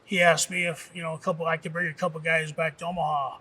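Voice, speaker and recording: Middle-aged ex-wrestler from Nebraska, slightly high and tense, casual and foul-mouthed, lots of fillers. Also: male voice, level tone, fast talker, pushed and bright, breathy edge. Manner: rambling, casual, profane, with many fillers. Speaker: former professional wrestler, interviewee. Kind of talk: documentary interview storytelling. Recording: distant mic with faint music.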